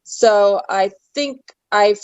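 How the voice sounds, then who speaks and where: A woman's voice: medium pitch, drawn-out words, clear, resonant tone, no echo, muffled recording. A woman being interviewed as an actress, talking in a chatty way that wanders off and loses its thread. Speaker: actress guest. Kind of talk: casual interview chat.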